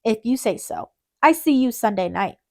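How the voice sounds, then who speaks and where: A woman voicing a tough, quick-tempered young male addict who talks bluntly and curses, in an audiobook. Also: fairly high pitch, lively intonation. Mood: defiant. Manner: blunt, streetwise, cursing.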